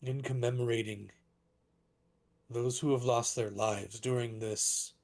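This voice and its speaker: A man voicing a male dragonborn councillor giving a slow, grave speech to a city. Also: mid-range voice, steady tone, gravelly, a little mellow. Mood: solemn. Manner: slow, grave public address.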